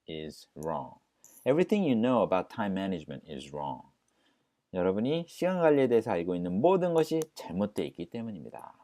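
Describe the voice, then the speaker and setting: Lively Korean man teaching English. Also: low-pitched. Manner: repeats English lines slowly, then explains rapidly in Korean. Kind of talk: language lesson, repeating and explaining phrases.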